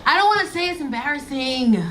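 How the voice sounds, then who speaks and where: A sly nine-year-old girl with a wide-eyed, innocent tone, as a woman puts her on. The voice sits high. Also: animated, brisk, fairly bright tone, a little hiss or hum.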